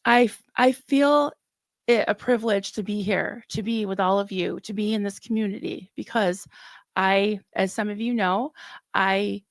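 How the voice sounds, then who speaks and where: A middle-aged woman hosting a casual livestream, chatting warmly and getting emotional, recorded close and dry. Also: mid-range voice, fairly even intonation, normal speed, no room sound. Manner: warm, emotional, chatty with laughs. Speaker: livestream host.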